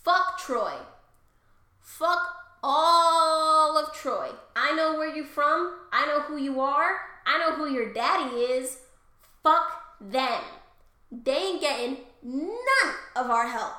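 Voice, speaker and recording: Woman doing furious shouting goddesses. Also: high voice, expressive, slow, full character voice. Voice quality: loud, profane, ranting. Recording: echoey room.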